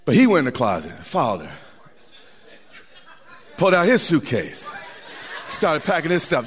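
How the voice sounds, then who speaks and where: A man preaching a sermon with a slightly high, lively voice that swoops up and down. He talks in a folksy, colloquial way and repeats words for emphasis. The recording carries a long hall reverb from the church sanctuary. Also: normal speed, pauses often. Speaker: pastor.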